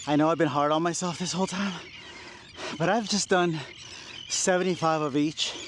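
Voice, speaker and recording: A man in his forties with a slightly high voice talks to his camera mid-workout, out of breath and puffing between sets. He pokes fun at himself, sighs, and keeps cheering himself on. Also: steady tone, normal speed, background noise. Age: 40s. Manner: self-deprecating, encouraging himself, sighs and laughs between sets. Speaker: vlogger. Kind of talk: workout vlog talking to camera. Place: outdoors at a beach.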